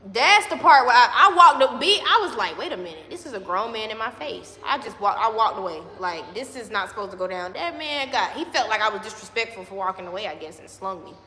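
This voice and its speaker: Young woman telling a story, fast and bright, voice bouncing all over, echoey hall with faint noise. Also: a little high, soft background music. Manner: animated, emotional, acts out quoted voices. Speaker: daughter telling a childhood story. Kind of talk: casual storytelling chat.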